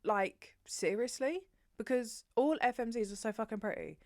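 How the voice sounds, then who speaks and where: A young woman vlogging about books in a frank, sweary, animated casual chat to the camera. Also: fairly high pitch, moderate pace, no echo, studio quality. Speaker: book vlogger.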